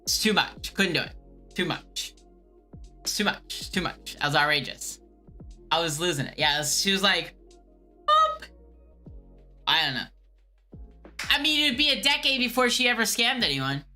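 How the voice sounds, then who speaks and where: Give me a woman streamer in casual live chat, low-pitched, exasperated, with a bit of music underneath. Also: lively intonation, normal speed, pauses often, bright, forceful tone. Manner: exasperated, repeats herself, laughs. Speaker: streamer calling scammers.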